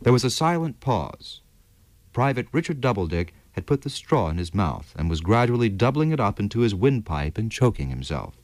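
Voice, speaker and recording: A male narrator with a fairly low voice, reading a classic story at a measured, unhurried pace. The recording is close and dry, with no room sound. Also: very animated, darkish tone, dry recording. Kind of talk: audiobook narration of a classic novel.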